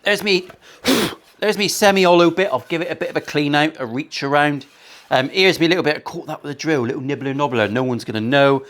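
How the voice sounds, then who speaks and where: A man's voice: fairly high pitch, a little fast, fairly bright tone. A man building a guitar in his workshop, chatting in a cheeky, joking, sweary way full of rambling asides. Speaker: luthier, guitar-building vlogger. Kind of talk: casual sweary banter while working.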